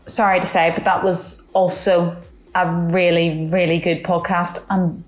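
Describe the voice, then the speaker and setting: A woman's voice: lowish voice, level tone, unhurried, soft background music. A woman hosting a podcast in casual, upbeat chat. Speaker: podcast host. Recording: roomy echo.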